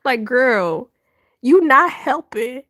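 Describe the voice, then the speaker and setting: A woman hosts a casual livestream chat, retelling stories in an animated, dramatic way and breaking into laughter often. Her voice sits a little high and she takes her time with each line. The sound is close and dry. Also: takes it slowly, no echo. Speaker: livestream host.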